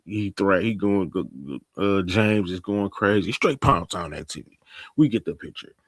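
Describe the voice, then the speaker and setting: A man hosting a casual TV recap, telling the plot with lively, animated storytelling. His voice is gravelly and husky, and it swings widely in pitch. The sound is close and dry. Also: normal speed, no echo. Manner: animated storytelling, acting out characters, laughing. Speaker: TV recap host. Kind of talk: casual slang-heavy episode recap.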